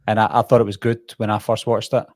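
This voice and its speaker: A man's voice: fairly low pitch, flat delivery, fast talker, darkish tone, no room sound, clean studio sound. A Welsh man co-hosting a casual podcast chat, easygoing and reading out viewer comments. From Wales. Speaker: co-host.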